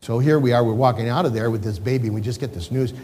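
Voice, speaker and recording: A man's voice: mid-range voice, very fast, a little mellow, slight background noise. An older man, a pastor, telling an emotional personal story in a sermon, rambling with restarts.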